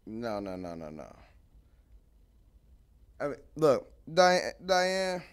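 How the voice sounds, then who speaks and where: A young man, hosting a casual live stream. His speech is animated and conversational, with a mid-range pitch, as he tells stories and calls out to viewers in the chat. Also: slow, smooth. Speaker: host.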